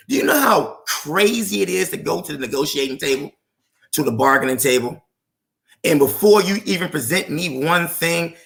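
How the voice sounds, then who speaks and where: Fired up man on a panel, high gravelly voice, keeps hammering his point. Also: pushed and bright. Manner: impassioned, rhetorical, emphatic. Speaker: panel speaker. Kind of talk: political debate on an open panel.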